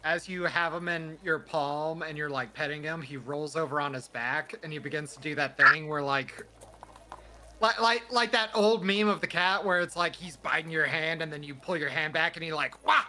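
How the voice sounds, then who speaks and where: A man narrating a tabletop role-playing game as dungeon master, chatty and animated with many fillers. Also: on the high side, normal speed, crowd noise.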